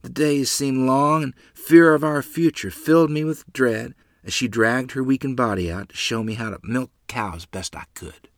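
A man narrating a first-person memoir in an earnest, measured storytelling manner. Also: medium pitch, no echo, clean studio sound.

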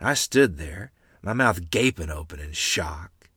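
A man narrating a family story aloud, animated and expressive. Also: low voice, measured pace, husky, no room sound, studio quality. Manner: lively, animated reading with character voices.

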